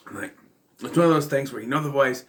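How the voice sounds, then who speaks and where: A man's voice: mid-range voice, fast talker, fairly bright tone. A man giving a casual, rambling film commentary, full of fillers and restarts. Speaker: film reviewer.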